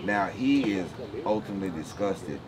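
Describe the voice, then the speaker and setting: A man's voice: sits low, expressive, normal speed, crowd noise. A man, a comedian guest, telling stories in a radio interview, laughing often and acting out other people's voices. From Texas. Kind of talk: animated storytelling in a radio interview. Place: live outdoor broadcast with a crowd.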